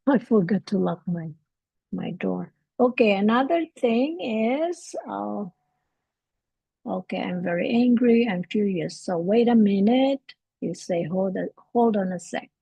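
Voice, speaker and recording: A woman hosting a live English lesson from home, talking in a relaxed, halting way with many fillers and restarts. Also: mid-range voice, creaky, husky, no echo, muffled recording. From Canada. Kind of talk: casual livestream teaching.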